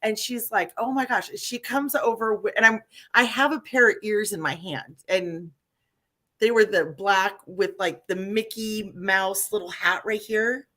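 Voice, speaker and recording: A woman hosting a live online chat, telling stories in an animated, chatty way. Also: mid-range voice, measured pace. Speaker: livestream host. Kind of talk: casual chat.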